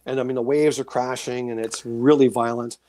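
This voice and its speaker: A man telling his own experiences as a guest in a casual interview, animated and acting out voices and sounds. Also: mid-range voice, brisk, no echo. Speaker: guest, author and paranormal experiencer.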